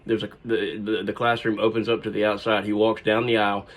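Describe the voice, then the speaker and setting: A man's voice: lowish voice, little pitch movement, brisk. Man telling a rambling story. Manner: rambling, digressive, with fillers. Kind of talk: casual spoken storytelling.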